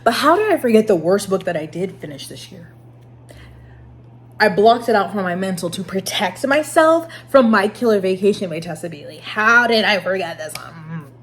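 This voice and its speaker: A woman's voice: mid-range voice, expressive, moderate pace, echoey room. A woman chatting casually to camera about books, frank and given to exaggerated reactions, recorded in a room at home. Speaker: book reviewer.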